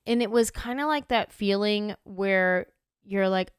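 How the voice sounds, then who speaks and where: A woman in her thirties hosting a podcast, telling a story in a casual, animated way and acting out her own reactions. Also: medium pitch, unhurried, clear, resonant tone, no room sound, clean studio sound. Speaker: podcast host.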